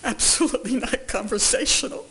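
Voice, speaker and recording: A woman's voice: fairly high pitch, fairly quick, crowd noise. An older woman giving testimony in a courtroom, answering questions with brief, careful replies. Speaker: witness.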